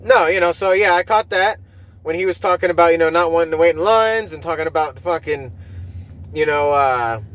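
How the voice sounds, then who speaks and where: High-voiced man ranting casually. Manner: profane, rambling, with frequent restarts. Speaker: podcast host. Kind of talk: casual rambling monologue.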